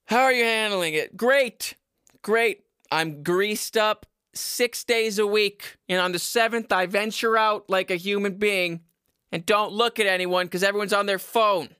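A man in his twenties talks to his viewers from home in a loose, crude ramble, restarting sentences and chuckling at his own jokes. His voice sits a little high for a man and sounds bright and tense. The sound is dry and close, with no room echo. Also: a little slow, smooth. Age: 20s. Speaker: vlogger giving dating advice. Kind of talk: casual rambling monologue to camera.

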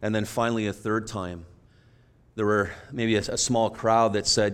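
A man preaching a sermon, retelling a story earnestly and moving between hushed, quiet passages and emphatic ones. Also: fairly low pitch, level tone, normal speed, smooth. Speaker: pastor.

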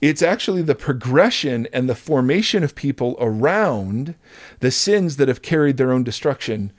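A middle-aged male pastor talks through faith with earnest, animated energy, often restarting his sentences. His voice sits at an ordinary pitch and is recorded close and dry, with no room sound. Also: normal speed, dry recording. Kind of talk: conversational teaching on faith.

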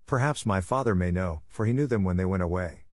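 A man's voice: deep voice, brisk, a little mellow, dry recording, studio quality, close to an everyday voice. A man voicing a polite young lady who answers a stranger at the gate.

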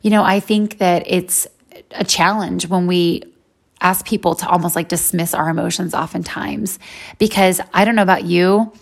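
A woman's voice: fairly low pitch, steady tone, normal speed, gravelly. A woman in her forties giving a faith-based personal talk in a conversational way, with many "you know" fillers. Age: 40s.

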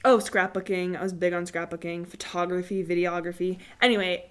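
A woman's voice: fairly low pitch, level tone, fairly quick. A young woman in casual chat with her sister, talking easily with many fillers and telling stories with a laugh. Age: young adult. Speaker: co-host chatting with her sister.

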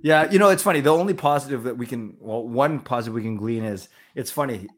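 A man's voice: mid-range voice, fast. Playful man bantering about hockey. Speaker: podcast co-host. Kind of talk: casual sports chat.

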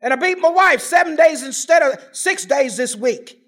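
Woman w/ a high voice telling her recovery story to a crowd, funny and animated, big dramatic pauses. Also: a little hiss or hum. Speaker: recovery meeting speaker. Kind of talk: personal recovery story told to an audience.

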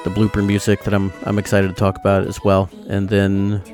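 A man hosting a podcast in casual chat, relaxed, laughing easily and using many fillers. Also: fairly low pitch, a little fast, faint music behind. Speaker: podcast host.

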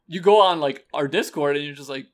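A man's voice: on the high side, a little fast. A man co-hosting a gaming podcast, laid-back in casual chat and saying "like" a lot. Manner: laid-back, laughs often, says "like" a lot. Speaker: podcast co-host.

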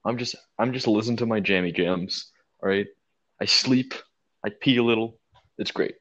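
Male podcast co-host, lower voice, animated profane storyteller, dull lo-fi sound. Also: normal speed. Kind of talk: casual storytelling chat.

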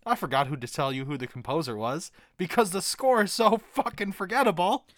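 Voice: medium pitch, a little fast, a bit bright, no echo, clean studio sound. A podcast co-host chatting casually about a movie, exasperated and laughing often. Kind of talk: casual movie review chat.

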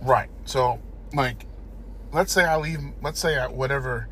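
Man, casual co-host, rambling swearing storyteller, mid-pitched voice, faint noise underneath. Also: a little slow. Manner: rambling, profane, animated storyteller.

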